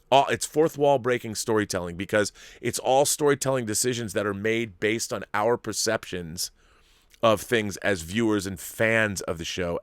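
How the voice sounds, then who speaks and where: A man's voice: fairly low pitch, a bit bright, no room sound, clean studio sound. A man hosting a commentary show, ranting emphatically and animatedly about a series he dislikes. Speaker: host. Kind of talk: opinionated commentary.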